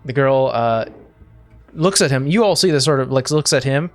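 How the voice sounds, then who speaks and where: A man's voice: medium pitch, expressive, normal speed, soft background music. A man narrating a tabletop game as game master, describing scenes in a rambling way with many fillers and restarts.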